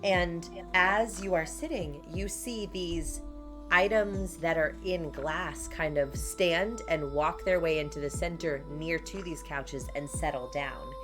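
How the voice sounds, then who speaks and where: A woman narrating a tabletop game as game master, describing the scene in an unhurried way. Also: low-pitched. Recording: faint background music.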